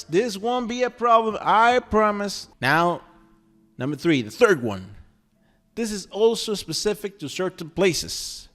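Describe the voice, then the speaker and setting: A man whose first language is Spanish, teaching a language lesson in a playful, chatty way and checking in with the listener often. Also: high-pitched. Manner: animated, playful, chatty with frequent "okay?" check-ins. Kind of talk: lively scripted language lesson.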